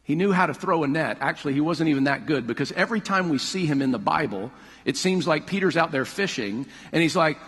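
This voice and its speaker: Husky pastor preaching in a hall. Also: male voice, fairly high pitch, fast talker. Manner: animated storytelling, hushed at the close. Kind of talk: sermon. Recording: long hall reverb.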